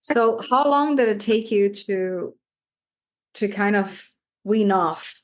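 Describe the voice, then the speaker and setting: Unhurried woman asking follow-up questions. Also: mid-range voice. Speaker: podcast host. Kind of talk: interview questions.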